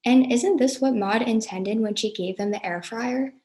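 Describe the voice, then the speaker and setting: Earnest pundit, played by a woman; higher, warm tone. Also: moderate pace, natural voice. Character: self-important female family gift-exchange expert.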